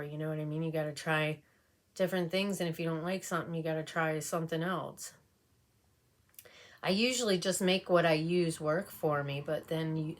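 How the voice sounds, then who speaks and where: A woman beauty vlogger chatting casually and rambling while doing her makeup. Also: low-pitched. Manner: chatty, rambling, with frequent fillers. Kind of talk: casual makeup tutorial chat.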